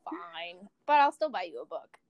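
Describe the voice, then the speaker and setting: A woman's voice: high-pitched, sing-song, moderate pace, vocal fry, highs cut off. A woman in casual chat who talks in a teasing, reassuring and affectionate way.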